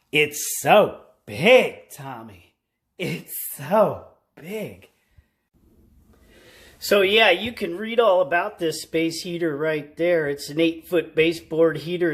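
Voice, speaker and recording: A man with a high voice hosts a joking DIY repair video. He rambles and lectures with emphasis. His voice echoes around a room in a home. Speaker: handyman host. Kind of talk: casual DIY how-to video. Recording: roomy echo.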